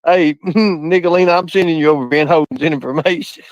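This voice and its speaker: Brief: a high-voiced man who streams live, swears freely and keeps cracking up, on a muffled recording. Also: dry recording. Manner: laughing nonstop, profane. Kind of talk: casual live-stream chat. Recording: dull lo-fi dry sound.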